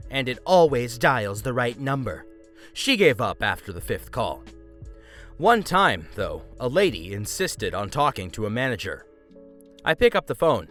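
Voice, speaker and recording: A man's voice: mid-range voice, very animated, normal speed, fairly bright tone. A man narrating a story aloud in a wry storytelling manner. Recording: faint background music.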